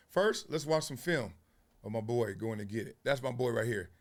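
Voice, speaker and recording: Man hosting sports chat, loose and trash-talky, slips into freestyle rhymes, normal pitch. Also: lively intonation, normal speed. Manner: loose, joking, trash-talking; breaks into rhymes. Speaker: host. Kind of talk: casual sports commentary and freestyle rap.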